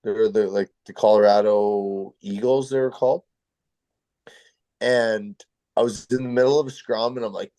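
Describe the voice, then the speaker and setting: A man's voice: on the low side, fairly even intonation, mellow, no echo. A former hockey player, a man, chatting crudely and laughing with friends. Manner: laughing, crude, quick to cut in. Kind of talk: casual chat.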